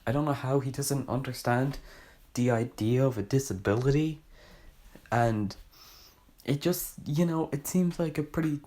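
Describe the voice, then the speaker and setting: A man's voice: medium pitch, moderate pace, mellow. A young man casually reviewing a book, rambling and sarcastic, often correcting himself mid-sentence.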